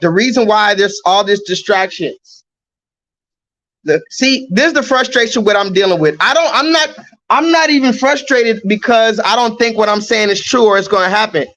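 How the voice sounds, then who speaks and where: A man's voice: sits high, moderate pace, fairly bright tone, poor audio. A man livestreaming from his phone outdoors, ranting in an agitated, repetitive way and swearing often. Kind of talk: ranting live stream monologue. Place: outdoors near a coffee shop. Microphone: phone held at arm's length.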